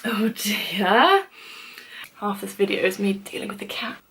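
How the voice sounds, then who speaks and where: A woman's voice: mid-range voice, lively intonation, a little slow, background noise. A young woman with a British accent, rambling and giggling through casual vlog outtakes, often mocking herself. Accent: British English. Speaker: vlogger.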